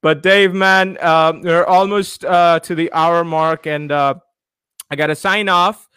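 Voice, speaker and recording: A man's voice: fairly high pitch, steady tone, unhurried, bright, forceful tone, clean tone, dry recording. A man from India, hosting a podcast in his home studio in a playful, upbeat way with many fillers. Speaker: podcast host. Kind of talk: casual podcast sign-off.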